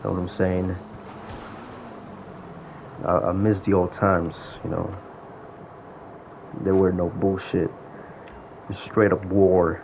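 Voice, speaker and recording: A gaming vlogger delivers a casual, swear-filled rant recalling old times in an online game. His low, creaky voice barely moves in pitch, going slowly with frequent pauses, and the audio is dull lo-fi with faint noise.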